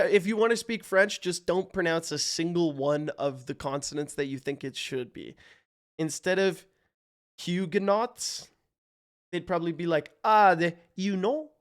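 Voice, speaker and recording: A wired-up male streamer from Canada with a high, smooth voice. He talks his guesses through out loud, jumping between hype and confusion, and swears freely as he goes. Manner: hyped, profane, thinks aloud while guessing. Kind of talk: casual live-stream commentary.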